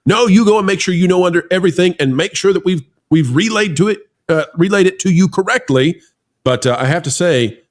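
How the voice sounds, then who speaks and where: Animated higher-voiced male show host. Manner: animated, teasing, exclaiming. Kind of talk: casual political commentary chat.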